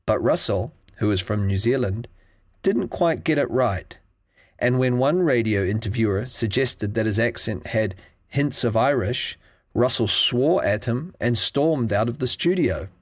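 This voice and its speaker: A man reading a scripted English listening lesson in a clear, measured way. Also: medium pitch, lively intonation, no room sound, clean studio sound. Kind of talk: scripted narration.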